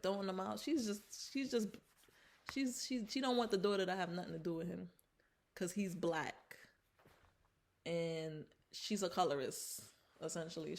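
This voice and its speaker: In a casual film recap vlog, a woman who reviews movies chats her way through a plot, using fillers, restarting sentences, and acting out the characters' lines. Her voice is mid-range with a darkish tone and some vocal fry.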